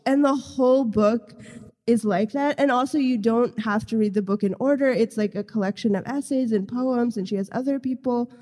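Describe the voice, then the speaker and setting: A woman's voice: a little high, moderate pace, mellow, big-room sound. A woman guest on a podcast, chatting casually and rambling with many fillers.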